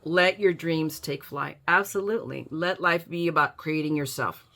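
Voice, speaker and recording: A woman's voice: deep voice, normal speed, fairly bright tone. A woman showing off a paper haul in a casual vlog, gushing with enthusiasm and reading quotes aloud. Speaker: scrapbooking vlogger.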